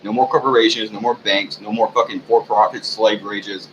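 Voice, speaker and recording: A man ranting in a rambling, profane monologue for his channel, halting often with fillers. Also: on the low side, steady tone. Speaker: channel owner. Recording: dull lo-fi recording with faint hiss.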